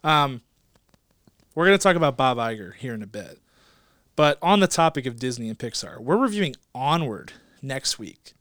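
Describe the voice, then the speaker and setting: A man's voice: mid-range voice, sing-song, normal speed, a bit bright, no room sound, clean studio sound. A man co-hosting a casual movie podcast, playful and teasing, laughing often. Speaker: podcast co-host.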